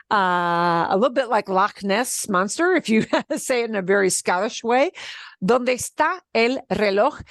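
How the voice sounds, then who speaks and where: A woman teaching a beginner Spanish class, explaining step by step in an animated way and laughing often. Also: medium pitch, measured pace, dry recording. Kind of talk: beginner language lesson.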